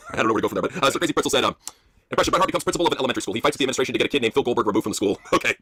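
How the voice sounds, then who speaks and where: Fast-talking husky male host. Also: medium pitch, lively intonation, a bit bright, no room sound. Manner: reads listener prompts, laughs often. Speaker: podcast host. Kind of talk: casual chat.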